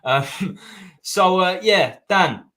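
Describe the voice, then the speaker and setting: A man's voice: high voice, very slow. Guy hosting a live stream, lots of ums, chuckles, laid back. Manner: relaxed, hesitant with ums, chuckling. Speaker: podcast host.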